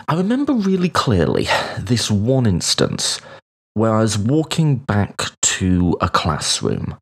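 A man in his thirties with a low, gravelly and husky voice, hosting a solo podcast. His pitch swings widely as he tells a personal story. He sounds reflective and hesitates now and then. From United Kingdom. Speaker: podcast host.

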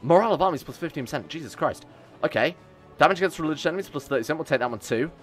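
A man's voice: on the high side, animated, rapid-fire. Young guy streaming, jokey rambling game chat, faint music under it. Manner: chatty, joking, reacts to chat. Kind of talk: live game commentary.

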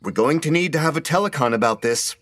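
A man's voice: fairly high pitch, animated, fast talker, fairly bright tone, no room sound, voice pushed up. A man voicing a smug corporate manager who hollers in office jargon, in an audiobook. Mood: indignant.

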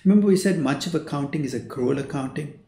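A man's voice: on the high side, fast, vocal fry, warm tone, a little hiss or hum. An older man who is a finance professor, giving a recorded lecture in a conversational teaching manner. He voices the students' questions himself and repeats his key points. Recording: roomy echo.

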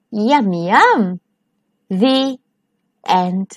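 A woman reading a children's picture book aloud, slowly and expressively, as a storytime host. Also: a little high, sing-song. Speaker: storytime reader.

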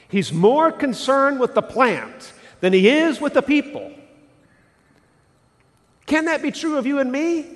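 Lively, high-voiced male pastor preaching. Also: in a large hall. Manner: animated, asks the congregation questions. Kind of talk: sermon. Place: church sanctuary.

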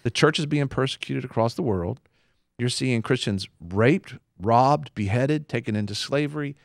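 A man's voice: mid-range voice, normal speed, gravelly, no echo, studio quality. A man hosting a Christian talk show, speaking emphatically like a preacher and repeating points for stress.

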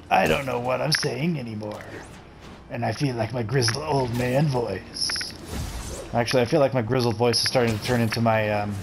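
Man, gameplay commentary, joking, mid pitch, faint background noise. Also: creaky. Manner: joking, swears, talks to himself. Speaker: gameplay streamer.

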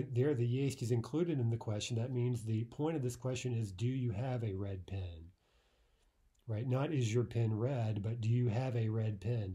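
A male teacher talks through a recorded language lesson in a mellow, slightly husky voice. He explains patiently, with "uh" and "right?" between points. In the drills he lets out mock-dramatic sighs. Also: medium pitch.

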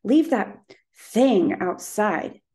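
A brusque, bossy middle-aged tax collector barks short orders in a clipped, commanding tone, as a woman puts him on while reading a storybook. The voice is dark and gravelly. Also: fairly low pitch, a little slow. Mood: curt, bossy.

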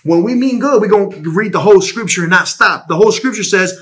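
A man preaching and teaching the Bible casually into a phone at home, animated and repetitive, often restarting words. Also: sits high, quick pace. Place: home bedroom.

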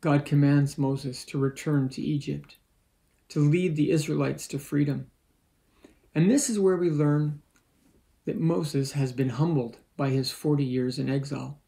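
A man preaching a sermon as lead pastor and reading scripture aloud in a measured, earnest way. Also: on the high side, steady tone, creaky, dark tone, poor audio. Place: church.

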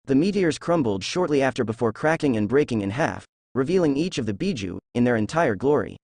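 A young man reading a fan-fiction story aloud at a steady, unhurried pace. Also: mid-range voice, creaky, no echo.

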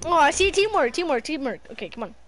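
A young woman playing a video game with a friend, yelling, swearing and joking. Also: high voice, very animated, quick pace, a little hiss or hum. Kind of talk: casual gaming chat.

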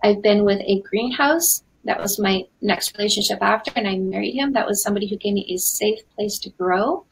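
A Canadian woman in her forties, a dating coach hosting a live webinar in an energetic, chatty way with lots of fillers. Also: medium pitch, a little fast, gravelly, hardly any pauses, slight background noise, low-quality recording. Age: 40s.

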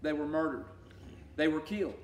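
A man teaching a sermon-style Bible study. He talks emphatically, swinging between loud declarations and hushed asides. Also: on the high side, fairly quick, a little hiss or hum. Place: church sanctuary. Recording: echoey church room from far off.

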